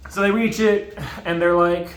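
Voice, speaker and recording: Man, casual movie recap, rambling and swearing, slightly high voice, roomy echo. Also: steady tone, moderate pace. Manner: rambling, profane, full of fillers. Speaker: video host.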